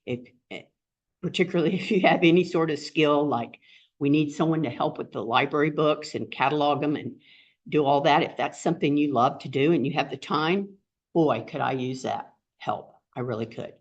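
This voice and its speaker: A woman's voice: low-pitched, normal speed. Woman host of a small meeting, heartfelt and rambling, lo-fi audio. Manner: rambling, heartfelt, many fillers. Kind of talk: casual introduction at a group meeting. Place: meeting room with an audience. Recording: dull lo-fi recording.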